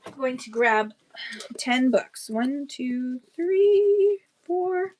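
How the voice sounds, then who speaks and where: A woman's voice: high-pitched, expressive, drawn-out words, darkish tone. A woman running a live-stream book sale, chatting casually with rambling asides and thanking buyers by name. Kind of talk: casual live-auction selling chat.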